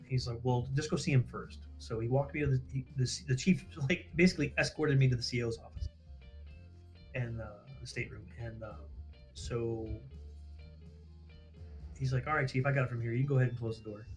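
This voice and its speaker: A man's voice: medium pitch, steady tone, a little fast, a little mellow, soft background music. Man telling a story on a livestream. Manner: acts out quoted dialogue, swears freely, laughs at himself.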